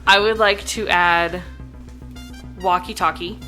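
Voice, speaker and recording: A woman with a bright, sharp voice that sits a bit low, talking casually as she plays her part in a tabletop game. Faint music runs in the background. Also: fairly even intonation, slow pace. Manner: casual, chatty. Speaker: player.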